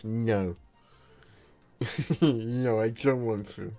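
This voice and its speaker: A man's voice: fairly low pitch, expressive, a little slow, long pauses, faint music behind. A man chatting on a live painting stream from home, groggy after anaesthetic, joking with viewers as he works. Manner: jokey, chatty, talks to viewers while working.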